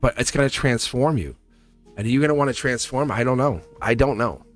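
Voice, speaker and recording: With faint music playing behind, a tarot reader gives a live reading and casual spiritual chat, speaking fairly quickly at a medium pitch. He wanders earnestly from point to point, laughs a lot, and acts out the lines he quotes.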